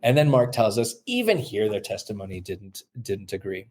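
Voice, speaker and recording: A man who teaches New Testament, explaining his research in an interview, thoughtful and halting with many fillers and restarts, acting out quoted voices now and then. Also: fairly low pitch, very animated, darkish tone. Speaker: New Testament scholar, guest.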